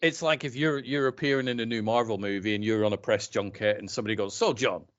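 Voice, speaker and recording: A man's voice: lowish voice, steady tone, fast talker. A man co-hosting a podcast in casual chat, wry and opinionated with sarcastic asides. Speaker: podcast co-host. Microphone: remote call mic. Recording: dull lo-fi audio.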